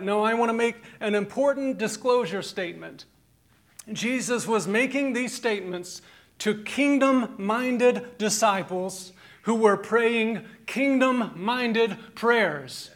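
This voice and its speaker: A man in his thirties preaching a sermon, animated, rising to emphatic peaks and mixing in humorous stories about his family. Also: high-pitched, slow. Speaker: pastor.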